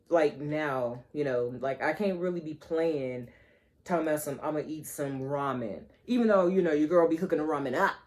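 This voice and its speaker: A woman's voice: fairly low pitch, darkish tone. A woman vlogger, chatting playfully to her viewers and calling them honey and child. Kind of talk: casual chat to camera.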